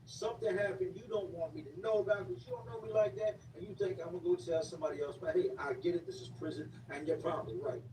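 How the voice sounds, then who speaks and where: Man, casual storyteller, slangy and repetitive; mellow tone, recorded from a distance with faint background noise. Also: sits high. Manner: slangy, repetitive street talk. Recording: echoey room, distant mic, faint noise.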